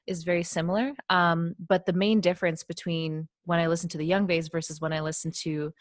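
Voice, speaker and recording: A woman's voice: fairly low pitch, little pitch movement, fairly quick, no echo, studio quality. A young woman from Canada co-hosting a casual album review, talking in a rambling way with many fillers. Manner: rambling, hesitant, filler-heavy. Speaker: co-host.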